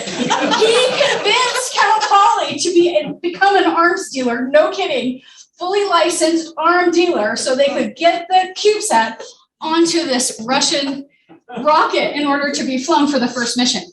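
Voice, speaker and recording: A woman speaking at a radio club meeting, telling stories in a lively way and acting out the people in them. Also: sits high, unhurried, a little hiss or hum. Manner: animated, acts out the people in her stories. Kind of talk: lively storytelling talk. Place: meeting room. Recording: roomy, distant mic with faint ambience.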